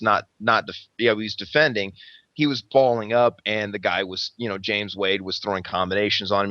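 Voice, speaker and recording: A man's voice: lowish voice, sharp tone, dry recording, dull audio. A man telling a rambling, profane fight story in casual podcast chat, acting out the quotes. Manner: rambling, heavy swearing, acts out quotes.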